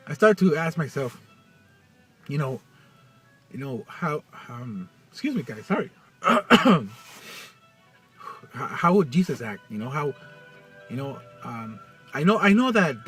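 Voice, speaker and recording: A man talking in a personal vlog, halting and full of restarts, getting choked up as he speaks. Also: mid-range voice, fairly bright tone, distant mic. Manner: halting, many restarts and fillers. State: choked up, near tears. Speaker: vlogger.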